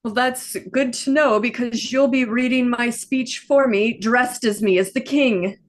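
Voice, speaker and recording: A woman performing comic improv scenes, delivering short lines in a deadpan way. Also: on the high side, measured pace, a little hiss or hum. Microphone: video call.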